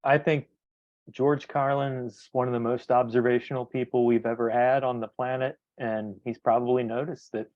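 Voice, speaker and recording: Male co-host, quick and witty, on dull, dry lo-fi audio. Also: medium pitch, level tone, no echo. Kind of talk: casual podcast chat.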